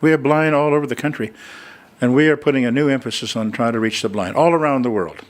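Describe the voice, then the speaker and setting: An older man preaches a sermon in a church, making a fundraising appeal through folksy stories and chatty asides with the congregation. His voice is mid-range and fast.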